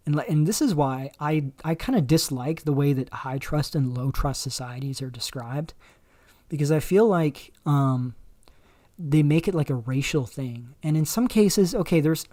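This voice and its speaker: A man hosting a livestream, talking in a rambling, halting way with many fillers and restarts. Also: on the high side, mellow, dry recording. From Canada. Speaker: livestream host. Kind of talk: casual livestream commentary.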